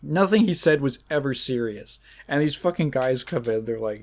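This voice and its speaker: A man's voice: mid-range voice, expressive, moderate pace, hardly any pauses. A man hosting a podcast in casual chat, rambling and swearing, laughing often and acting out quoted exchanges. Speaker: podcast host.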